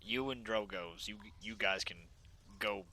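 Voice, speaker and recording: A man's voice: on the low side, unhurried, pushed and bright, slight background noise. A young man playing a tabletop game, casual and laughing, describing his character's actions. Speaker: player.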